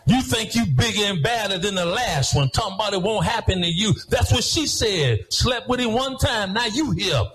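A pastor preaching a sermon in church, rhythmic, swinging between half-sung phrases and shouted lines. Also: male voice, sits high, expressive, moderate pace, hardly any pauses, soft background music, rough recording.

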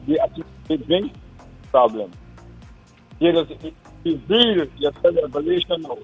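A man with a husky, slightly high voice calls in to a radio talk show. He speaks haltingly, circling back and restarting his thoughts. The line is dull and lo-fi, with faint music behind him. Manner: halting, rambling, many restarts. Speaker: radio caller.

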